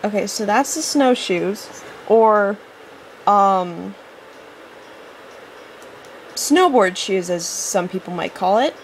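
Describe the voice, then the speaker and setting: A woman's voice: medium pitch, animated, slow, pauses often, slight background noise. Chatty woman rambling through gameplay. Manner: chatty, rambling, easily impatient with the game; apologetic asides. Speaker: let's-play host. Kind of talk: casual gameplay commentary.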